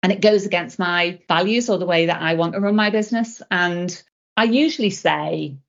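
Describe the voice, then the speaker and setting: A middle-aged woman, a leadership coach, answering interview questions as an animated storyteller who acts out conversations. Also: fairly low pitch, moderate pace, vocal fry. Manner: animated storyteller, acting out dialogue. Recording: dull lo-fi podcast audio.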